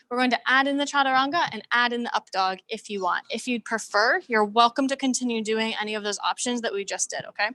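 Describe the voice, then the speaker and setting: A young adult woman teaching a yoga class over a video call, giving calm, steady breath and movement cues. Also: fairly high pitch, rough recording. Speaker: yoga instructor. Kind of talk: live-cued yoga class.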